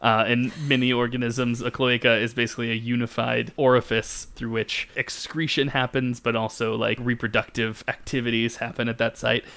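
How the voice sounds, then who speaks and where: A man's voice: mid-range voice, little pitch movement, moderate pace, vocal fry, few pauses, pushed and bright, clear, resonant tone. Playful joking man explaining science. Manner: playful, giggly, explains science facts with jokes. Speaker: podcast co-host. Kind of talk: comedic science podcast chat.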